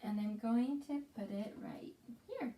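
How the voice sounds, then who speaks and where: Woman, preschool teacher, gentle and encouraging, slow and patient delivery, somewhat high voice. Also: expressive. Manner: slow, gentle, encouraging, addressing young children. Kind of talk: children's follow-along craft lesson.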